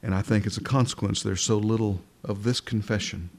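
Earnest male preacher, fervent and halting. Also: fairly low pitch, steady tone, gravelly, darkish tone, a little hiss or hum. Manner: restarts and halting repetitions. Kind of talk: sermon.

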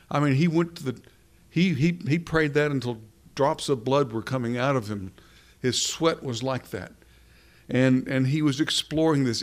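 Man, preacher, sermon, earnest, rhetorical questions, repeats for emphasis. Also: mid-range voice.

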